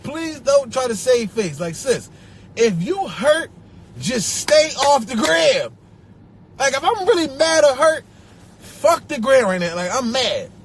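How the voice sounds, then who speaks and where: Young man, Philadelphia accent, very high voice, lively swooping delivery, profane rambling live-stream rant, faint hiss behind. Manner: animated, profane, laughs and repeats himself. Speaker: social media personality. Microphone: phone.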